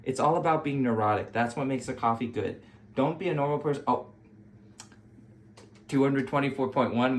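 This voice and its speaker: A man's voice: mid-range voice, moderate pace, long pauses, a little hiss or hum. A man vlogging at home as he brews coffee, talking in a rambling, self-mocking, joking way. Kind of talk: casual how-to chat while brewing coffee.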